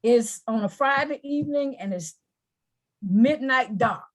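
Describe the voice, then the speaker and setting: A woman's voice: a little high, measured pace. A woman anger management coach in an interview, explaining earnestly with examples and often repeating words.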